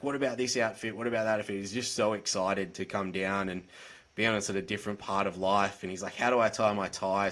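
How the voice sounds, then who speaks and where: A man's voice: low voice, a bit bright. A man with an Australian accent, a guest on a podcast, talking in a candid, earnest and direct way over a video call. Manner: direct, earnest, plain-spoken. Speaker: podcast guest, mental health advocate. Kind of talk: candid conversational storytelling.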